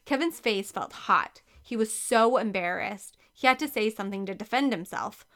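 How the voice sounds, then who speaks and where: A woman reading a children's novel aloud as narrator, expressive and clear. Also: mid-range voice, normal speed. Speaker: audiobook reader.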